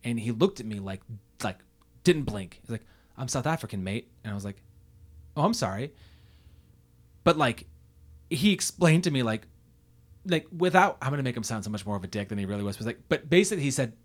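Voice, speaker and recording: A man's voice: medium pitch, big pitch swings, fast. A man co-hosting a casual film podcast, hesitant and stammering through restarts as he talks. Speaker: podcast co-host.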